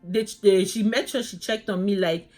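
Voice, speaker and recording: A woman vlogging her labor story in a casual, animated way, often calling viewers "guys" and restarting her sentences. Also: mid-range voice, normal speed, faint music behind.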